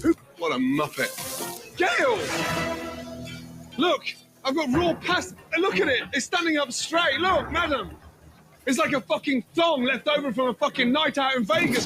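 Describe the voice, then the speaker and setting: A man, a head chef, shouting profane insults at his cooks in a busy restaurant kitchen. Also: very high-pitched, big pitch swings, moderate pace. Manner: furious, profane, barking insults. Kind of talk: shouting kitchen tirade on reality TV. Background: dramatic music.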